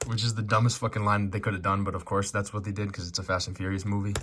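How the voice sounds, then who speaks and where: A man's voice: lowish voice, little pitch movement, fast talker, a bit bright, slightly rough. A man giving casual, rambling commentary on a movie, swearing and joking as he goes. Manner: rambling, profane, joking asides. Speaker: movie reaction host.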